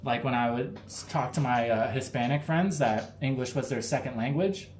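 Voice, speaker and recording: A man's voice: medium pitch, normal speed, a little mellow, a little hiss or hum. Laid-back American man chatting on a live stream. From United States. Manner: laid-back, rambling, lots of fillers. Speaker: livestream host answering chat. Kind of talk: casual live Q&A chat. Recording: roomy with faint ambience.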